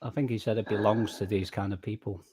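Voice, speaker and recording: A man's voice: fairly low pitch, steady tone, fast, mellow, breathy edge, no echo. A man on a video call who explains his points through stories and homely comparisons, often stammering on restarts. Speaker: panel member. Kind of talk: casual group chat on a call.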